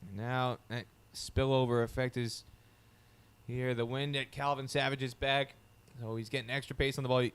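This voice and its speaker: Male co-commentator, mid pitch, smooth clear voice, explains the play in detail. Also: flat delivery, moderate pace. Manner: analytical, detailed. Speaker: cricket commentator. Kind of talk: live sports commentary.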